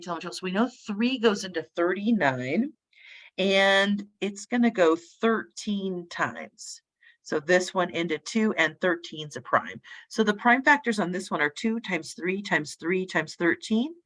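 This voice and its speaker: A woman math instructor working problems aloud in a casual, sleepy lecture, thinking out loud as she goes. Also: on the low side. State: sleepy, yawning.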